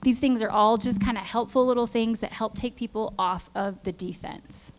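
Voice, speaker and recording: A middle-aged woman gives a conversational church sermon, telling lively stories and acting out the voices she quotes. Her voice is a little high and moves at normal speed.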